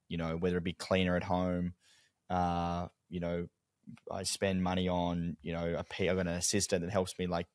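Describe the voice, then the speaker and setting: Low-voiced man, dry close sound. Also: dry recording. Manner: animated storytelling, heavy swearing. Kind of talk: casual chat.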